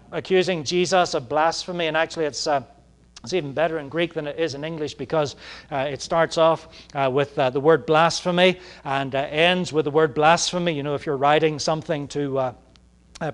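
Halting, emphatic male preacher. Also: a little high, smooth. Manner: halting, many "uh" fillers, rising emphatic moments. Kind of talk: sermon.

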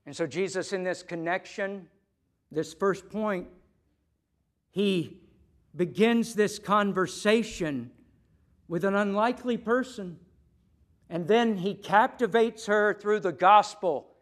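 Man preaching, very high voice, emphatic, loud stresses then soft low asides. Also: slow pace, long pauses. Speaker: pastor. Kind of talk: sermon.

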